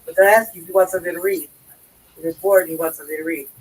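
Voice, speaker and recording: A sick woman in pain who keeps coughing, talking in a quiet, half-whispered, rambling way as a guest on a talk stream. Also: lowish voice, fairly even intonation, racing, slightly rough, distant mic, poor audio.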